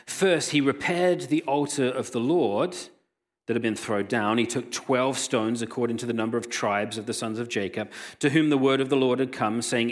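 Man preaching with animated storytelling. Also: mid-range voice. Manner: animated storytelling, voicing quoted characters. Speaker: pastor. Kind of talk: sermon with scripture reading.

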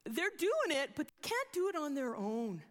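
Woman preacher, high voice, animated sermon storytelling, long hall reverb. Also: normal speed.

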